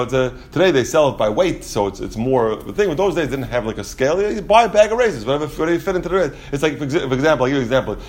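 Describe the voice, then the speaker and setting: A man explaining Talmud in a casual class, rapid and full of restarts and asides. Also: medium pitch, darkish tone. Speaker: Talmud teacher.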